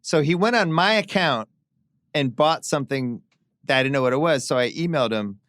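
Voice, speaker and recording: A man's voice: mid-range voice, animated, fairly quick, fairly bright tone, dry recording. A middle-aged man hosting a podcast, telling anecdotes in casual chat with dry, wry humor. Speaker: podcast host.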